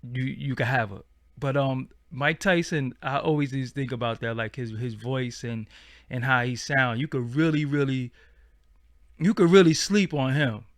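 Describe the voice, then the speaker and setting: A man's voice: medium pitch, moderate pace, no echo, studio quality. A man, hosting a casual livestream and chatting in a slangy, rambling way. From Brooklyn, New York. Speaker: channel host.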